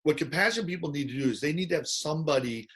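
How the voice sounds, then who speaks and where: A man hosting a casual conversation, telling lively stories and acting out the people in them. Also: a little high, fast talker. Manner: animated storyteller, acts out quoted voices. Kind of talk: casual chat.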